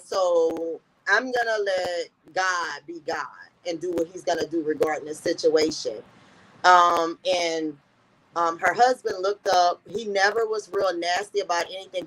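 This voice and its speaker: A woman's voice: on the low side, a little slow, fairly bright tone, a little hiss or hum, low-quality recording. A woman guest in an interview, earnestly telling a personal story and often repeating "I said" as she recounts conversations.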